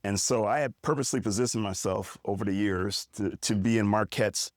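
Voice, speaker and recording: A middle-aged man from Milwaukee telling a personal story as a podcast guest, in a deliberate, unhurried way. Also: on the low side, no echo, clean studio sound. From Milwaukee, United States. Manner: measured, deliberate storytelling with drawn-out words. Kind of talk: casual storytelling interview.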